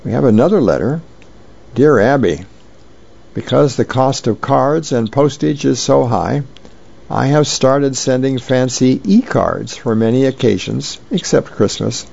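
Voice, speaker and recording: Gravelly-voiced man reading the paper. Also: medium pitch, lively intonation, darkish tone, highs cut off. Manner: plain, unhurried reading with occasional hesitations. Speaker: reader of newspaper features. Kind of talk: reading aloud newspaper columns and comics.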